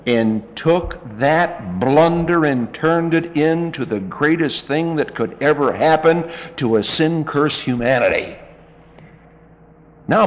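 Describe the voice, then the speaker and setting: Slow emphatic preacher man in a hall. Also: fairly high pitch, dull audio. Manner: emphatic, folksy, dramatic. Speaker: pastor. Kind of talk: sermon.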